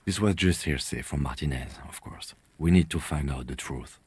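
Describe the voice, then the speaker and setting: Composed police lieutenant, deep and husky, precise and formal, dry close sound. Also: male voice, normal speed, a little mellow, dry recording, exaggerated voice. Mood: calm.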